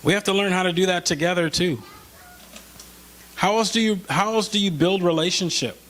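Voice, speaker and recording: High-voiced man preaching conversationally. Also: a bit bright. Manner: conversational, slows for scripture, rises when pleading. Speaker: pastor. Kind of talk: sermon. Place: church.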